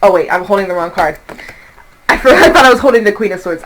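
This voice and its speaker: Animated, cursing young woman reading tarot. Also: medium pitch, fast, noisy background. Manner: animated, profane, acts out quoted voices. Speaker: tarot reader.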